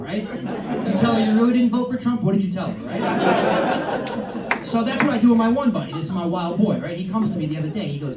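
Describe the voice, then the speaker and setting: A man's voice: high voice, animated, fast talker, lo-fi sound, crowd noise. A man in his early thirties performing a brash, crude stand-up set in a comedy club, with punchy outbursts. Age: early 30s. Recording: roomy club sound from a distance with audience. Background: audience laughter and club ambience.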